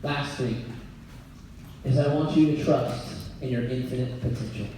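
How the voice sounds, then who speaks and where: A man giving a blunt, energetic motivational talk as a business coach before a live audience, joking and laughing as he goes. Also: medium pitch, unhurried, slight background noise. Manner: blunt, energetic, jokey, often laughing mid-sentence. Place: event venue before an audience. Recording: very echoey hall, voice picked up from far off.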